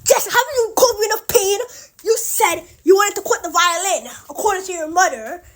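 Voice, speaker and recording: A woman's voice: extremely high pitch, a little slow, bright, forceful tone, full character voice. A woman voicing a fed-up male violin teacher, theatrical and wailing.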